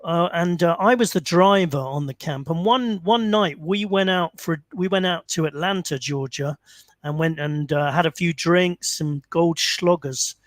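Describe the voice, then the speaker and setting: Male call-in host, high-pitched, close dry mic, loose storytelling. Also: measured pace, no room sound. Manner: rambling, many fillers and restarts. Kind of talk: casual storytelling.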